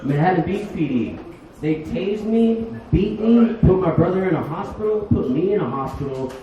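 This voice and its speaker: A man doing a crude stand-up set, telling stories loud and acting out other voices, recorded in a small bar. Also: high-pitched, lively intonation, moderate pace. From Los Angeles. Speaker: stand-up comedian. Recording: distant echoey bar mic, muffled.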